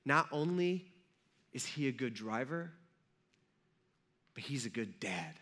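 A man's voice: mid-range voice, big pitch swings, slow pace, a bit bright. A man preaching a sermon, retelling a scripture story in a conversational way with rhetorical asides to the listeners. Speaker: pastor.

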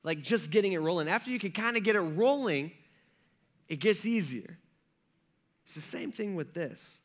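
A man's voice: sits high, expressive, normal speed. A male pastor preaching a casual sermon, telling stories in a conversational way full of "like" and acted-out quotes. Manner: conversational storytelling with lots of "like" and voiced quotes.

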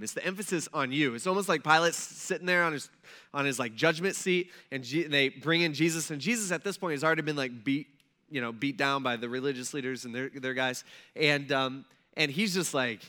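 A man preaching a sermon in a conversational, animated way, acting out the people he tells about. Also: mid-range voice. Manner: conversational, animated, acts out quotes. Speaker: pastor.

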